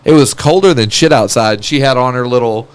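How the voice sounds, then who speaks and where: A man's voice: mid-range voice, fairly quick, clear, resonant tone. Laid-back man, easy laugh. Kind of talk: casual chat.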